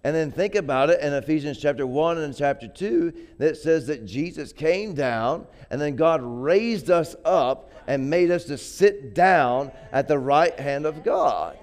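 A man's voice: fairly high pitch, unhurried, few pauses, a little mellow. A man preaching a sermon in a conversational way, often repeating words and building to emphatic peaks. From grew up poor.

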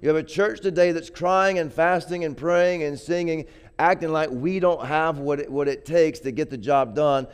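A man's voice: fairly high pitch, normal speed, smooth. A man preaching a sermon in a conversational way, often repeating words and building to emphatic peaks. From grew up poor.

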